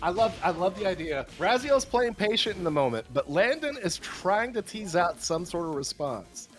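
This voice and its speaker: High-voiced, animated fighting game commentator. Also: male voice, faint music behind. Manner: analytical, quick exclamations. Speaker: esports commentator.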